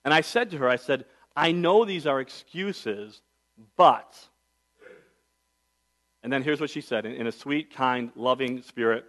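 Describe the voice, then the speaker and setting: A middle-aged male pastor preaching a sermon, telling a personal story in a conversational way, with big swings from soft to loud. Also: medium pitch, normal speed, long pauses.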